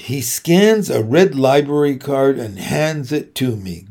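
Give me a man reading a children's novel aloud, slow and steady. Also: medium pitch. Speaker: reader.

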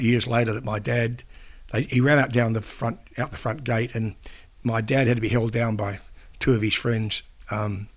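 An older man from New Zealand, a former newspaper editor and broadcaster, recounting a personal story in an interview. He speaks haltingly, with frequent restarts and fillers. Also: medium pitch.

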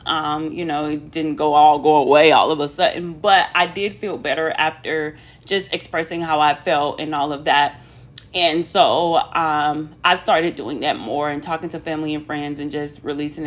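A woman's voice: sits low, a bit bright. A woman talking candidly to viewers in a casual personal vlog, chatty, with many ums and asides to "y'all". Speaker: vlogger.

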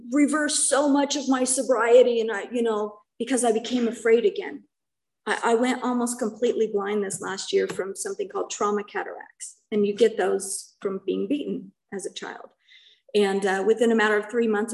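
A woman's voice: medium pitch, low-quality recording. A middle-aged woman giving a personal testimony at a recovery meeting, earnest and conversational, often checking in with her listeners.

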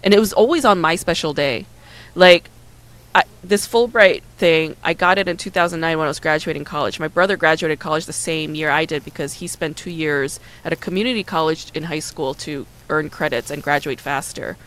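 A woman's voice: low-pitched, brisk, poor audio. Candid woman telling a story. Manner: candid, animated storytelling with acted quotes; frequent "like" and "right?" fillers. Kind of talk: casual chat.

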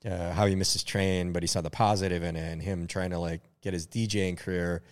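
A man's voice: low-pitched, steady tone, fairly quick. A man co-hosting a podcast, talking reflectively in casual chat and searching for words with many fillers. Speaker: podcast co-host.

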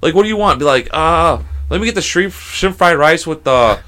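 Rambling, animated young man telling stories. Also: a little high, moderate pace, slight background noise. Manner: rambling, swears a lot, mimics friends. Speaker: podcast co-host. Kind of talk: casual chat, storytelling.

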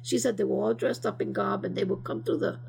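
An older woman tells stories casually during an interview, rambling along with plenty of fillers and drifting into Spanish phrases. Her medium-pitched voice is gravelly and a touch mellow, and she talks fast.

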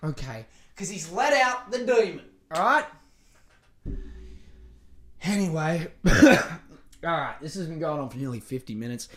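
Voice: mid-range voice, measured pace, long pauses, a little hiss or hum. A podcast host rambling through a casual solo monologue, swearing freely and poking fun at themselves. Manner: profane, rambling, self-mocking; lively, swings between mutters and outbursts.

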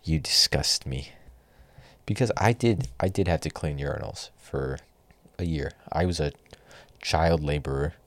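Brief: young male podcast host, very low voice, dry close sound, profane exasperated rants. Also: unhurried, pauses often, no echo. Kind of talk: solo podcast rant.

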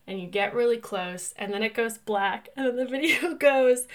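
A woman co-hosting a podcast in casual chat, telling stories in a rambling, animated way and often filling with "like.". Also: fairly high pitch, normal speed. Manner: chatty and rambling, heavy use of "like"; animated storyteller who laughs through her telling. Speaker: podcast co-host.

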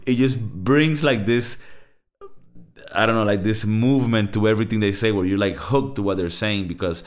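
A man's voice: on the low side, normal speed. A Latin American man co-hosting a podcast, talking loosely and profanely with lots of "bro" and "like". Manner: loose, swearing, many fillers like "bro" and "like". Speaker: podcast co-host. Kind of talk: casual chat.

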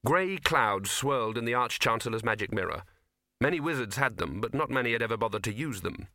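A man's voice: mid-range voice, animated, brisk, pushed and bright, dry recording. A man narrating a comic fantasy audiobook, shifting his voice for each character.

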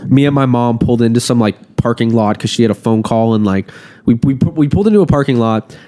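A man's voice: mid-range voice, fast talker, warm tone. A young man telling a story on a podcast in casual chat, swearing often and rambling with lots of fillers. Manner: profane, rambling, heavy on fillers. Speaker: podcast co-host.

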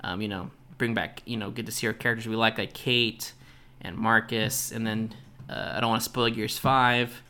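A man's voice: on the low side, level tone, moderate pace, sharp tone, clear, resonant tone. A man hosting a podcast alone, speculating in a casual, loose way. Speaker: podcast host. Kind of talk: solo podcast commentary.

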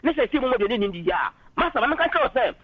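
A man's voice: very high voice, very animated, racing, dry recording. A man calling in to a political radio talk show, arguing passionately and switching into English phrases, heard over a dull phone line. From Ghana.

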